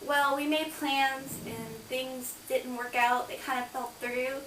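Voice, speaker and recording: A woman's voice: sits high, flat delivery, slow pace, fairly bright tone, far from the mic. A young adult woman, a college student, chatting casually and bubbly about her life, with lots of "like" fillers. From Kansas. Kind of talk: casual personal storytelling vlog. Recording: roomy, off-mic, faint hiss.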